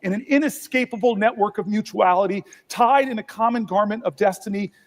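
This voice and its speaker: A man's voice: high-pitched, a little fast, background noise. A man delivering a formal political speech in a rhythmic, oratorical manner.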